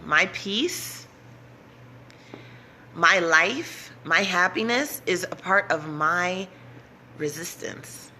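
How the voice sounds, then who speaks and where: A woman's voice: on the low side, lively intonation, takes it slowly, pauses often, sharp tone, slight background noise. A woman vlogger talking straight to her audience in an impassioned, urgent way, repeating herself to drive points home. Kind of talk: impassioned direct-to-camera talk.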